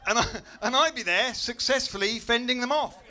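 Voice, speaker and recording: A man from Britain doing stand-up comedy in a club, telling stories with loud incredulous outbursts. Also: extremely high pitch, moderate pace, a little hiss or hum. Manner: animated storytelling, bursts into loud incredulous outbursts. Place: comedy club stage before a live audience.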